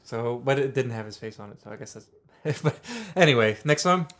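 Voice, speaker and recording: A young man from Pittsburgh co-hosting a podcast, chatting casually and joking with a relaxed, laughing manner. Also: mid-range voice, fairly quick. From Pittsburgh, USA. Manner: jokey, laughs often, relaxed banter. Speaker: podcast co-host. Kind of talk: casual chat.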